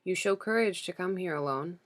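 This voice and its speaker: A woman's voice: fairly low pitch, fairly quick, lightly acted. Woman reading as grieving young warrior prince. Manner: curt, stiff replies. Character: young grief-stricken male warrior prince, stiff and raw. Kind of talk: audiobook character reading.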